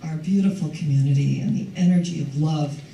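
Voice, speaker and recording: A woman's voice: low-pitched, brisk, warm tone, slight background noise. An older woman minister giving a conversational sermon, laughing often, her voice a little strained after losing it recently. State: recovering from lost voice. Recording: echoey hall from far off.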